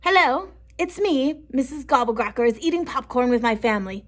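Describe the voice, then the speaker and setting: A woman voicing an excited, dramatic little girl in a storybook read-aloud. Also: high voice, brisk.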